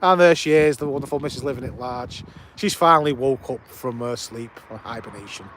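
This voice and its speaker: With a medium-pitched, slightly bright voice and a somewhat fast pace, a male host streams live from outside an airport. He keeps things casual and enthusiastic, greeting viewers by name as he comments.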